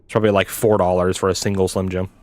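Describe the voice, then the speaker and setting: A young gaming streamer with a low voice talks very fast and flatly, with no room sound, chatting casually as he plays. He rambles, swears a lot, and says "like" and "dude" constantly.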